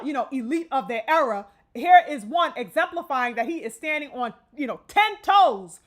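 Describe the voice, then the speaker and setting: A woman's voice: fairly high pitch, a bit bright. A woman hosting a live boxing stream and delivering a fiery, profane, emphatic rant. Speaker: boxing channel host.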